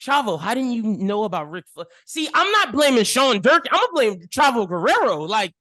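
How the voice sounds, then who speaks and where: A woman co-hosting a casual film review podcast, animated and ranting with rapid opinions. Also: fairly high pitch, dry recording. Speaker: podcast co-host.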